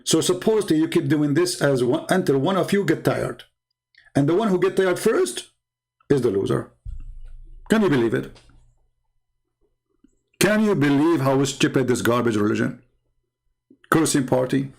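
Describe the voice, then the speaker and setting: A man's voice: on the high side, animated, moderate pace, creaky, pauses often, darkish tone. A man hosting a show, talking in a mocking, sarcastic monologue full of heated rhetorical questions. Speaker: show host. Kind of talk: monologue commentary.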